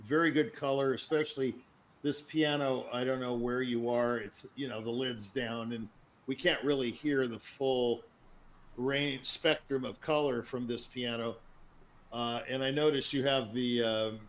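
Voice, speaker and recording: A man gives piano feedback over a video call. He wanders through his thoughts with many pauses and restarts but stays encouraging. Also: mid-range voice, a bit bright, a little hiss or hum, low-quality recording. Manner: rambling, hesitant, encouraging. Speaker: piano judge. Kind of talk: spoken feedback on a performance.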